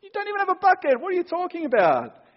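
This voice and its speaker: A man acting out an incredulous adult Samaritan woman at a well, raising his voice and pitch to mock her doubts. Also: wildly swooping pitch, quick pace, full character voice. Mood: scoffing. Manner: higher, louder, mocking paraphrase. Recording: dull sound in a long-echo hall.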